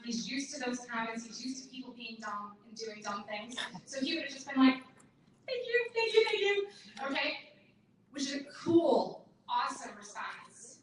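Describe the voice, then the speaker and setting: A bright, high-voiced woman presents a workshop, animated and acting out quoted lines. She sits back from the mic in a very echoey room, with faint room ambience behind her. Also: distant mic, slight background noise. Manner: animated, acts out her mother's lines in a higher voice. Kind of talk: live workshop talk to an audience.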